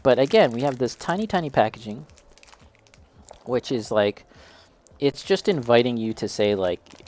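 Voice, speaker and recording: A man's voice: medium pitch, lively intonation, moderate pace, darkish tone, slight background noise. A young man casually chatting as he tastes and reviews snacks, self-deprecating and reacting as he eats. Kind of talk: casual snack tasting chat.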